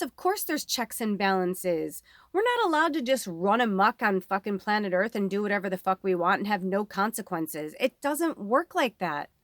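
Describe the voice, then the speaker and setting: A woman medium giving a casual tarot reading, talking in an excitable, emotional way and swearing freely. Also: on the high side, no echo, studio quality. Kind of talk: casual spiritual reading chat.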